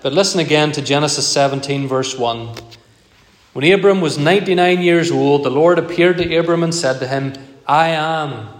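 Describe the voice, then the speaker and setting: A man's voice: a little high, steady tone. Man preaching in an echoey hall. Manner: measured, emphatic preaching with repeated phrases. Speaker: pastor. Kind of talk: sermon. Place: church. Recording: echoey church hall, long reverb.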